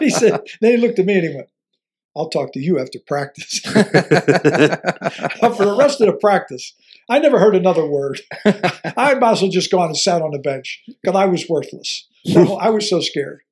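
Speaking at a normal pace in a high, husky voice, an older former football coach relates an anecdote in an interview. He's animated, plays out the dialogue, and laughs softly throughout.

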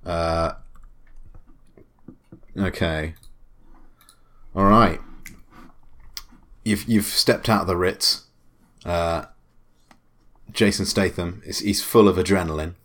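Casting note: male game master, deep voice, dry and teasing. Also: fairly even intonation, slow, pauses often, fairly bright tone. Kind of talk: narrating a tabletop game.

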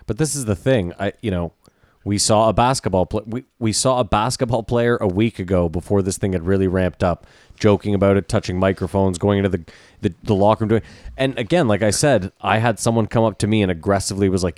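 Low-voiced man in casual podcast chat. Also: fast, a little mellow, no room sound, studio quality. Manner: rambling, thinks aloud with many asides. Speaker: podcast co-host.

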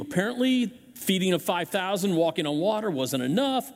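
A man's voice: sits high, normal speed, big-room sound. A man preaching a sermon as pastor, telling stories with acted-out voices and often restarting his words. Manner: animated storytelling with acted-out voices; frequent restarts and repeated words. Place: church sanctuary.

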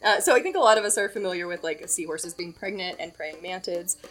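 A woman's voice: lowish voice, quick pace, fairly bright tone, soft background music. A woman hosting a podcast, explaining facts in casual chat and laughing often. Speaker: podcast host.

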